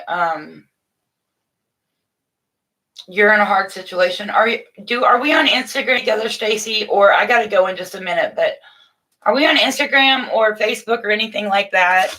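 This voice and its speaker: Speaking in a medium-pitched voice, a middle-aged woman chats live with viewers during a casual morning stream from her home. Her manner is warm and motherly, and she frequently starts over mid-sentence.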